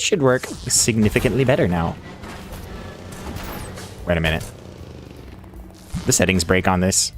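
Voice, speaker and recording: Male streamer, low voice with a lively swing, casual play-by-play, quiet music underneath. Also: measured pace, pauses often. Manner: chatty, laughs often, talks to himself while playing. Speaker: game streamer. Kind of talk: casual live-stream commentary. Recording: faint music behind.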